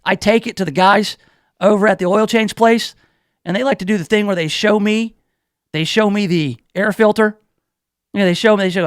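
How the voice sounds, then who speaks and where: A man's voice: high voice, brisk, fairly bright tone, no echo, studio quality. A man hosting a talk radio show, telling a rambling, self-deprecating story full of restarts. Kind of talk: casual talk radio monologue.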